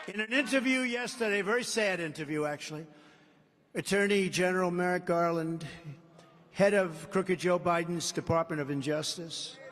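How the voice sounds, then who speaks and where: Older man giving a combative rally speech. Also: high-pitched. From United States. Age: 70s. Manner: combative, repetitive, boastful. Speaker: political candidate. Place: large indoor rally venue. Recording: long arena reverb.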